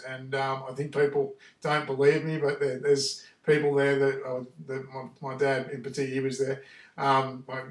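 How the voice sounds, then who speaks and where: A man's voice: medium pitch, distant mic. A middle-aged man, a house painter telling his own story in a casual, rambling way, often repeating and restarting his words. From Australia. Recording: echoey room, voice away from the mic.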